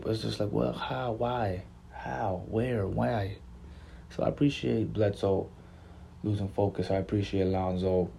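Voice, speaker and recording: A man's voice: lowish voice, mellow, a little hiss or hum. A man hosting a casual sports podcast, laid-back and slangy, often repeating himself. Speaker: podcast host.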